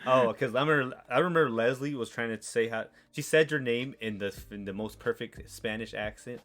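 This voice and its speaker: A man's voice: medium pitch, fairly quick, a bit bright. A man co-hosting a podcast, teasing his friend and slipping into silly voices. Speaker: podcast co-host. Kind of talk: casual chat.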